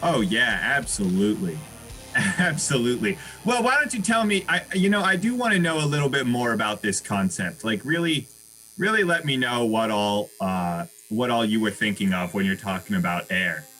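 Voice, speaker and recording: Bright-voiced man in an improv scene. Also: lowish voice, lively intonation, normal speed, soft background music, rough recording. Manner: friendly, accommodating, filler-heavy. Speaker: improv performer playing a tattoo artist.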